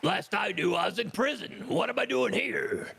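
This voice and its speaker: A man voicing a gruff male dwarf convict in a tabletop game, gravelly and puzzled. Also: high-pitched, very animated, moderate pace, a bit bright, heavily acted.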